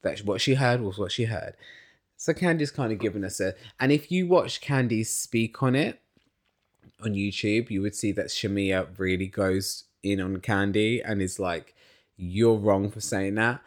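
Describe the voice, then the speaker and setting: A man's voice: fairly low pitch, moderate pace. A man hosting a casual reality TV recap, talking in an opinionated way and swearing often. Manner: animated, opinionated, swears a lot.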